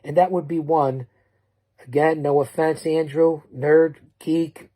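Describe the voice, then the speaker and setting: A man's voice: fairly high pitch, flat delivery, takes it slowly, mellow. A middle-aged man hosting a wrestling-style trash-talk promo, bombastic and rambling, stumbling over restarts as he hypes upcoming matchups. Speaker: show host promoting matchups.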